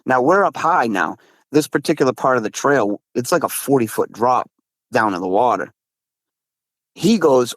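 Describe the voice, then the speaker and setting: A man from Massachusetts, a guest recounting his encounters in casual storytelling, excitable, with frequent restarts and slang. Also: medium pitch, normal speed, dry recording. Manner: excitable, swears, says dude a lot, frequent restarts.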